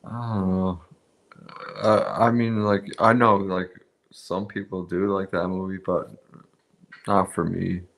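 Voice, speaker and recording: A man drawls through a movie watch-along in a slow, low, gravelly voice, hesitant and crude. He pauses with fillers and trails off into laughs. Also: level tone. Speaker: podcast co-host. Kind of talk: casual watch-along chat.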